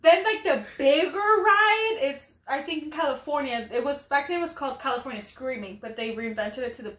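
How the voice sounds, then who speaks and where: High bright-voiced young woman podcaster. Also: fairly quick. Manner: animated storyteller acting out her own reactions. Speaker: podcast co-host. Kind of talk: casual chat. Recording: echoey room.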